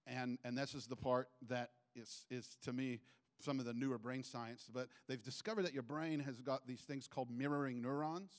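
A man preaching a sermon in church, animated and acting out little quoted voices as he goes. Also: normal speed. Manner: animated, acts out quotes with sudden pitch jumps. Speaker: pastor.

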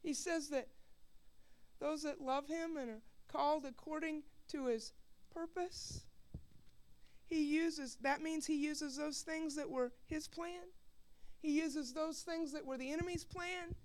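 A woman from Missouri giving an emotional personal testimony, earnest and building to loud, impassioned preaching, often repeating words. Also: high-pitched, steady tone, measured pace.

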